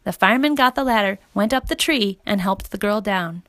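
A woman reading a children's story aloud as narrator, in a steady, clear manner. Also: mid-range voice, fairly quick, dry recording.

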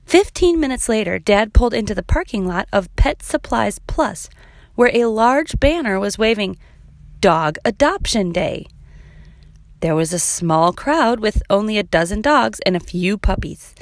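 A woman narrating a children's chapter book, reading clearly and evenly. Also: mid-range voice, lively intonation, moderate pace, no echo, clean studio sound. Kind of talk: storybook read-aloud.

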